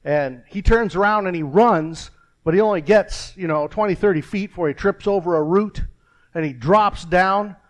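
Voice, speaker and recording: An older man preaching a folksy, rambling sermon with a joke, pausing and restarting often. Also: high voice. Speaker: pastor.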